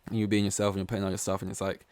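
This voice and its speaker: A man's voice: sits low, monotone, very fast, a little mellow, smooth, dry recording. Rambling man hosting a solo podcast. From East London, England. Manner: rambling, goes off on tangents, heavy use of "like". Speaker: podcast host. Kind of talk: solo casual podcast monologue.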